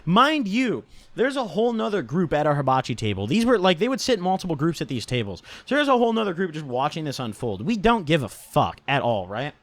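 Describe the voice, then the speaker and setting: A man's voice: fairly high pitch, big pitch swings, brisk, hardly any pauses, dry recording. A young man telling a casual storytime in a slangy manner, swearing often and tagging lines with "right?" and "dude". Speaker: vlogger.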